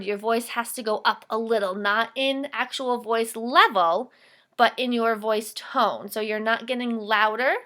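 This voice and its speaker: A woman teaching young children to read aloud, her voice bright and crisp. She talks clearly and warmly encourages the class, sitting a little above the usual pitch for a woman. She slows down to model each line with lots of expression. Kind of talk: reading fluency lesson for children.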